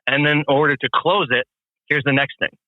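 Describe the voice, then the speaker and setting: A man's voice: on the high side, steady tone, fairly quick, dry recording. Confident guy coaching on sales over the phone, tinny dry line. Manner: confident, emphatic, acts out customer talk. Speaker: guest landscaping business coach. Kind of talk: phone interview, sales advice. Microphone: phone call.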